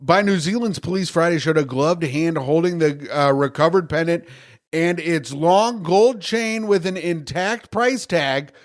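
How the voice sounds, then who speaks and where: A man's voice: on the high side, a little slow. A man in his thirties co-hosting a podcast, reading a news story aloud and riffing on it with crude jokes. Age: 30s. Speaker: podcast co-host. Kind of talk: casual comedic chat, reading news aloud.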